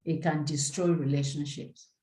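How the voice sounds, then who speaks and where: A woman's voice: sits low, fairly even intonation, normal speed, mellow, echoey room, poor audio. A woman presenting a relationship seminar in a live teaching talk, earnest and peppered with "you know".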